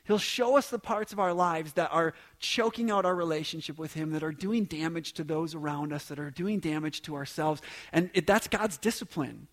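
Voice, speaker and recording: Man preaching, high-pitched voice, conversational and emphatic, quiet asides. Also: moderate pace, few pauses. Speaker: pastor. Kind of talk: sermon.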